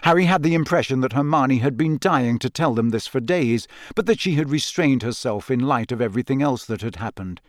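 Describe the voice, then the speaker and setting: Male audiobook narrator, steady and measured, middle pitch, dead-dry close sound. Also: no echo. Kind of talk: scripted narration.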